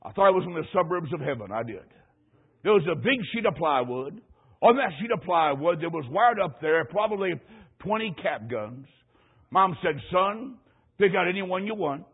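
A man's voice: a little high, big pitch swings, moderate pace, slightly rough. A man preaching a sermon, telling a childhood story with emphatic, rising delivery. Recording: tinny phone-like radio broadcast.

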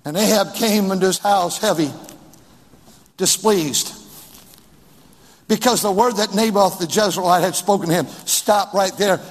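A husky, high-pitched man preaches from the pulpit, reading old scripture aloud and driving home his points with repeated refrains. His voice rings out with a long hall reverb behind it, as in a large church sanctuary. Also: measured pace, long pauses. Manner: exhorting, repetitive refrains, mocks voices in quotes. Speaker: pastor.

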